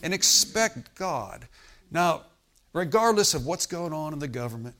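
A man's voice: fairly high pitch, big pitch swings, a little slow, a crowd in the background. A man preaching a sermon in an emphatic, repetitive style, often calling out to his listeners for agreement. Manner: emphatic, repetitive, frequent "Amen?" calls to listeners. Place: hotel meeting room.

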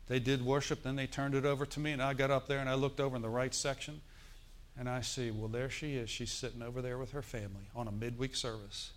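A man's voice: mid-range voice, flat delivery, fast, slight background noise. A middle-aged male pastor preaching a sermon in a church, telling a story with emphatic bursts.

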